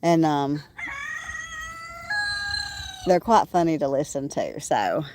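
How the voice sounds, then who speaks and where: Chatty woman, lowish voice. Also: animated, slow, noisy background. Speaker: small farm owner. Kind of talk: casual livestream chat. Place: outdoors on a small farm among animals. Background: roosters crowing and farm animals.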